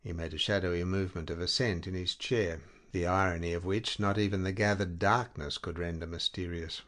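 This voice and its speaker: A man narrates a literary short story in a measured, deliberate reading. His voice sits somewhat low. The delivery is steady, with unhurried phrasing.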